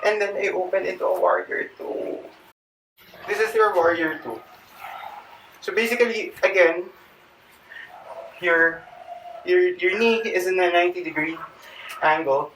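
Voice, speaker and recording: A man's voice: high-pitched, steady tone, measured pace, long pauses, fairly bright tone. Panting Filipino man demonstrating yoga. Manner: chatty, switches into Tagalog, jokey asides. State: out of breath. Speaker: fitness vlogger. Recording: distant mic with faint background noise.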